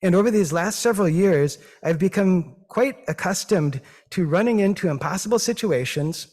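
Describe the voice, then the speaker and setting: A man with a Midwestern accent, a physician giving a thoughtful, modest talk with slides, pausing often with fillers. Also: high-pitched, animated, a little mellow. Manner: thoughtful, hesitant, with many fillers; modest and self-deprecating. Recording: long reverb of a hall.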